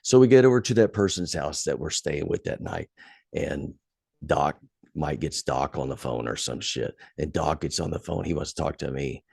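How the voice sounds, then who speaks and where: A man's voice: rumbling low, moderate pace, gravelly, breathy edge, dry recording, clean studio sound. A man hosting a podcast, casually telling a story with lots of swearing, getting heated as he recalls old anger. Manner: profane, animated when retelling anger. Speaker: podcast host.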